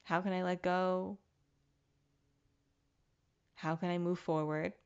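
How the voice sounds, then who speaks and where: A woman with a lowish voice takes it slowly in a level tone; the sound is clean but the highs are cut off. She hosts her own podcast, delivering a candid, reflective motivational monologue with a mildly profane, casual edge.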